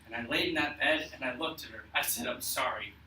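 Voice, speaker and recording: A young man telling a personal story to an audience, earnest and emotional, with halting restarts. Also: medium pitch, sharp tone, echoey room, recorded from a distance, a little hiss or hum, rough recording.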